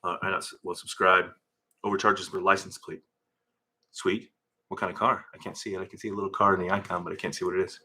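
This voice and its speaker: Middle-aged guy rambling on a garage livestream into his phone, lowish voice but sharp and punchy. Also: level tone, fast, a little hiss or hum. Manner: rambling, chatty, reads comments aloud mid-thought. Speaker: livestream host reading viewer comments. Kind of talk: casual livestream chat. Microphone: phone camera.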